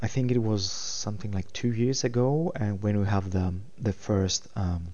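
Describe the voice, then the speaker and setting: A man with a low, mellow voice chats as a podcast guest, hesitating often and filling pauses with fillers. The sound is dull and lo-fi. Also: steady tone. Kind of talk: casual chat.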